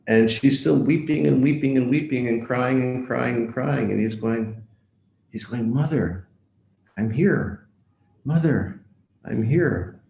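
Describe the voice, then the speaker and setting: Man monk preaching, super slow, gravelly, roomy echo, keeps asking the crowd stuff. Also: medium pitch, a little mellow. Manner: storytelling, repeats words for emphasis; asks the audience direct questions. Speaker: visiting monk lecturer. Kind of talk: devotional lecture.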